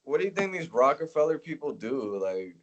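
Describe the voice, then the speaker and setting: A man's voice: on the high side, sing-song, a little fast, lo-fi sound, a loud crowd. A man chatting as a podcast guest, laid-back, with short reactions and casual swearing. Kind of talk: casual chat.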